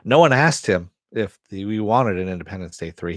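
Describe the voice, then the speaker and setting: A man's voice: fairly low pitch, lively intonation, fairly quick, hardly any pauses, no room sound, clean studio sound. A middle-aged man hosting a casual live stream, rambling and swearing as he answers viewers. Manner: rambling, profane, restarts often. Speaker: host.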